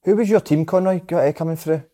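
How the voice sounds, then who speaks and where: A man's voice: on the high side, fast, mellow. A man hosting a casual chat, asking short prompting questions.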